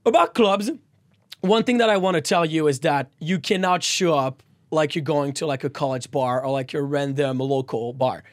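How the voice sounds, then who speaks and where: Give me a young man with a French accent, animated and playful, chatting casually on a podcast, his voice on the high side. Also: normal speed, no room sound. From France. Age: young adult. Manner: animated, playful, lots of fillers. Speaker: podcast co-host. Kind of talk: casual chat.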